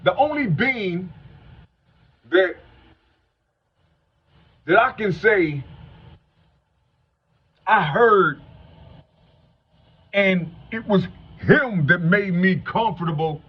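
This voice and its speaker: A man's voice: animated, very slow, pauses often, husky. A man in his fifties from Cincinnati, talking to viewers in a rambling, stuttering monologue that is full of swearing and "you know what I'm saying.". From Cincinnati, Ohio. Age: 50s. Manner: salty street talk, heavy swearing. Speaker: vlogger. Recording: dull low-fi home recording, faint hum.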